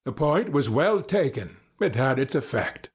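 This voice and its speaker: A man narrating a story in a steady, storybook manner. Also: medium pitch, measured pace, husky. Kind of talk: scripted narration.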